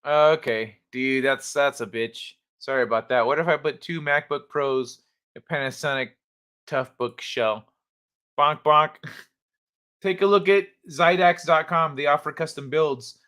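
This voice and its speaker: A man's voice: a little high, a little slow, sharp tone. A man hosting a casual livestream, chatting with viewers in a laid-back, hesitant way with many fillers. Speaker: livestream host.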